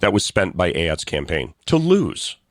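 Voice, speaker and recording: A man's voice: low voice, wildly swooping pitch, a little slow, dry recording, studio quality. A man co-hosting a political talk show, blunt and sarcastic, ranting with frequent restarts. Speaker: co-host.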